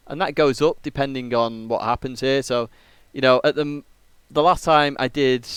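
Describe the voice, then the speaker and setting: A man's voice: on the high side, clean tone, no echo. A man from England, a casual and jokey game streamer, chatting on a live stream and rambling with many fillers.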